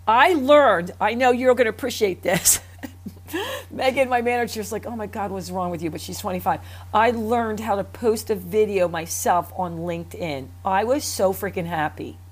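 A woman's voice: medium pitch, a little slow. A woman hosting a casual chat, frank and enthusiastic, swearing casually as she asks questions. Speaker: host.

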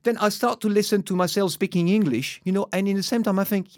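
A man's voice: sits high, fast, a little mellow, dry recording, clean studio sound. French-accented male host, curious and hesitant. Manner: curious, hesitant, repeats words. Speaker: podcast host. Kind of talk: casual interview chat.

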